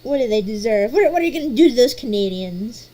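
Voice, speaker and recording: A woman hosting a casual chat, playful and animated, often stumbling over repeated restarts. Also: fairly high pitch, fast. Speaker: host.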